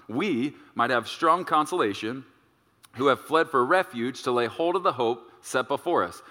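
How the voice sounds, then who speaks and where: A male pastor preaching with a bright, forceful voice that rides a little high. He is emphatic, slows down to stretch key words, and drops in playful asides. A long reverb trails him through a large church room. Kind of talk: sermon.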